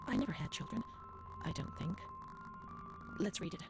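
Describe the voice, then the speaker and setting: An actress voicing a troubled young woman who reads old asylum records in a hushed, measured, uneasy way, often dropping to a whisper. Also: lowish voice, close to an everyday voice. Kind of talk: hushed game narration. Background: game music.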